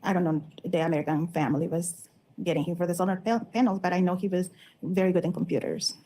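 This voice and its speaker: A woman testifying in court, giving short, halting and unsure answers. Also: on the low side, steady tone, mellow, slight background noise, poor audio. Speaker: trial witness.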